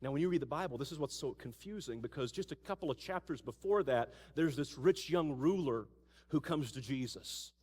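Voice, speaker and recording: A male pastor preaching a sermon in a conversational, animated storytelling manner. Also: fairly high pitch, a little fast. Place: church. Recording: church hall with long reverb.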